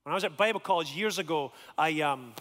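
A man with a high voice gives a storytelling sermon. He is animated and slips into the voices of the people in his story. His words ring out with the long reverb of a large hall. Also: quick pace. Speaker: preacher.

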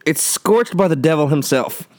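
A man chatting on a podcast in an animated, bouncy voice that rides a little high. He sputters and coughs while his mouth burns from hot sauce. The sound is close and dry. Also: normal speed, no echo. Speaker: podcast co-host. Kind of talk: casual podcast chat.

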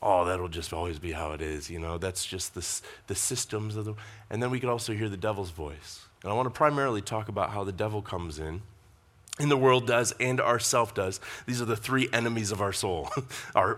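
A man's voice: mid-range voice, fairly bright tone. A man preaching a conversational sermon, with asides to the congregation. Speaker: pastor.

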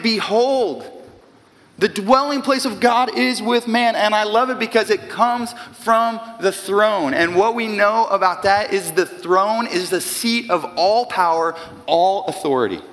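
A man in his early forties preaching a sermon in a conversational, animated way with casual asides. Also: high-pitched. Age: 40s. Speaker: pastor. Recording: long hall reverb.

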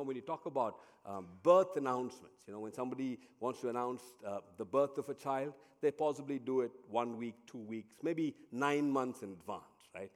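A middle-aged man preaching a sermon as a pastor, telling stories dramatically and swinging between loud and hushed delivery. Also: medium pitch. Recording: long hall reverb.

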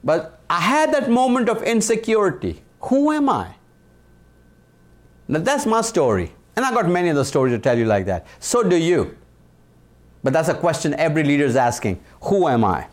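A man in his sixties from India, with an Indian accent, giving a motivational leadership talk in an emphatic way, repeating key phrases and slowing down for the punch lines. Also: on the high side, big pitch swings. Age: 60s. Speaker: leadership speaker.

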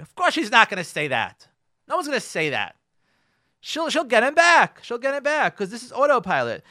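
A high, bright male voice that swoops up and down as the rabbi acts out arguments between spouses. He drops Hebrew and Yiddish words into an animated radio lecture. The sound is close and dry, with no room around it. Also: brisk, no echo.

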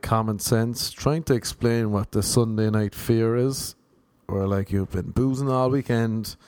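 A man's voice: mid-range voice, darkish tone, no room sound. A man from Cork with an Irish accent, telling comic stories in a rambling, sardonic way and swearing freely. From Ireland, Cork. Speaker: comedian. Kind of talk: comic monologue.

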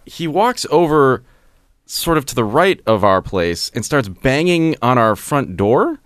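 Brief: lively man, rambling storyteller, dry close sound, stumbles over his words. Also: mid-range voice, a little slow, dry recording. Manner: rambling, stammering restarts, laughs through it. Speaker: podcast co-host telling a story. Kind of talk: casual comedic storytelling.

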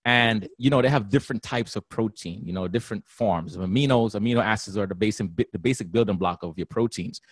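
A man, a guest personal trainer on a radio interview, talking in an animated, laugh-prone way. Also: on the low side, fast talker, few pauses, breathy edge, dry recording. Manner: animated, laughs often, slips into playful voices.

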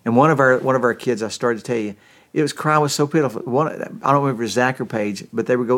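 A man's voice: mid-range voice, fast talker, fairly bright tone. A middle-aged man preaching a sermon, telling stories in a folksy way with frequent restarts. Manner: folksy storytelling with many restarts. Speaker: pastor.

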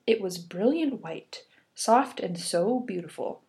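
A woman's voice: medium pitch, animated, slow pace, darkish tone. A young woman reading a fairy tale aloud, breaking off for playful, giggly asides. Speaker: podcast host. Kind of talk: storytelling with casual commentary.

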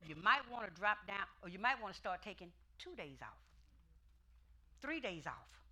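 Fervent woman preacher with a bright voice. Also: medium pitch, animated, moderate pace. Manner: fervent, emphatic preaching with repetition; folksy, conversational asides to the congregation. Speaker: pastor. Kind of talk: sermon.

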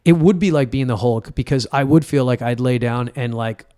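A man's voice: medium pitch, moderate pace, dark tone, dry recording, studio quality. A male comedian in casual conversation, telling personal stories and acting out the dialogue. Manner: storytelling, acts out quoted dialogue. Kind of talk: casual podcast chat.

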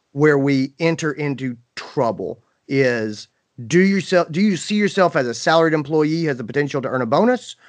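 A man's voice: medium pitch, no echo. A man hosting a podcast in casual chat, acting out scenes with playful exaggeration. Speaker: podcast host.

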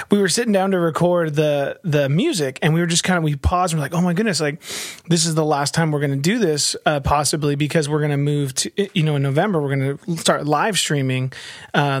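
Church podcast guy, bit high voice, laughs a lot, super dry mic. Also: no room sound. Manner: chatty, laughs often, many restarts. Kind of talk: casual chat.

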